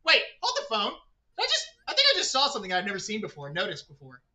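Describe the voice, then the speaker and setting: Bright-voiced chatty gaming streamer. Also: male voice, high voice, wildly swooping pitch, fast talker. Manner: rambling, chatty, talks to chat and to himself. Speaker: streamer playing a video game. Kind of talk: casual gaming livestream chat.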